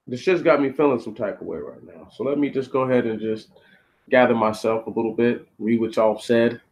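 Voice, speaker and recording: Man, channel host, reads a text aloud, halting, blunt profane commentary, mid-pitched voice. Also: darkish tone, low-quality recording. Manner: blunt and profane, stops often to rant.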